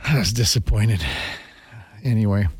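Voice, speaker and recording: Chatty radio host, dry studio sound. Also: male voice, lowish voice, a little slow, darkish tone, breathy edge, no room sound. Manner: chatty and rambling, lots of fillers. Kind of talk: casual morning radio chat.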